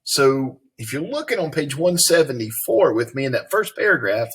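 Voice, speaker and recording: A man with a Tennessee Southern accent teaches a reading lesson in a folksy manner. His voice is husky and sits in a middle pitch, and he often checks in with leading questions. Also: big pitch swings, moderate pace, few pauses, fairly bright tone. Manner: folksy, explains then asks leading questions.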